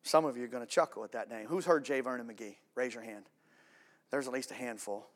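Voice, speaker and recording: A male pastor preaches a sermon to his congregation, swinging between loud, emphatic declarations and hushed, quiet lines, with casual asides to the room. His voice is medium-pitched and brisk.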